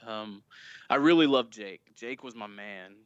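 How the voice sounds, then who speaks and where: A man chatting as a guest on a fan podcast, telling lively anecdotes and acting out quotes. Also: lowish voice, a little slow, clear, resonant tone, no echo, highs cut off. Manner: storytelling, animated retelling of quotes. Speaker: guest, fan club leader. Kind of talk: casual podcast chat.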